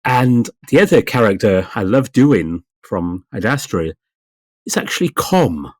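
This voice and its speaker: A man voice actor chatting on a podcast in a thoughtful, steady way. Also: lowish voice, unhurried, no room sound, studio quality. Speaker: voice actor guest. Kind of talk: casual podcast chat.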